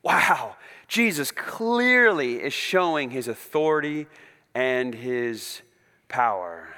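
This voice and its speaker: A male pastor preaches in an emphatic, conversational way. His bright, high voice swings widely in pitch. Long reverb from a large hall surrounds him. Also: sing-song, takes it slowly. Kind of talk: sermon.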